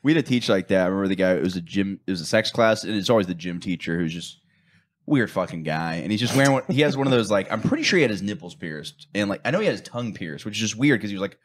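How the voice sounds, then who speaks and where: A man's voice: on the low side, lively intonation, rapid-fire. A young man co-hosting a casual podcast chat, swearing freely and telling school stories while mimicking the people in them. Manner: profane, storytelling, mimics people in quotes. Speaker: podcast co-host.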